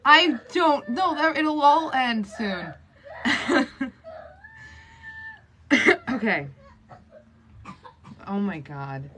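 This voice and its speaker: A young woman filming on her phone at home, flustered and scolding as she tries to calm two crying little girls. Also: high voice, slow. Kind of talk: casual phone vlog. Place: home, indoors. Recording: noisy home recording.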